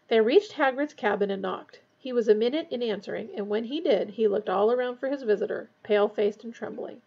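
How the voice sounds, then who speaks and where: A woman reading a novel aloud in a steady, measured way. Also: on the high side, creaky, slightly rough, lo-fi sound. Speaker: audiobook reader.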